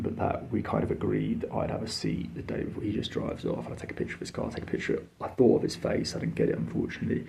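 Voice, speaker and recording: A man's voice: fairly low pitch, vocal fry, mellow. A man tells a travel story in a casual, blunt and sweary way, full of fillers and exasperation. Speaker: travel vlogger.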